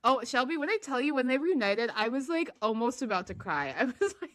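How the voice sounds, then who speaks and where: A woman co-hosting a podcast, retelling a TV drama in a lively casual chat, laughing often and acting out characters' lines. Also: sits high, brisk, hardly any pauses. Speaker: podcast co-host.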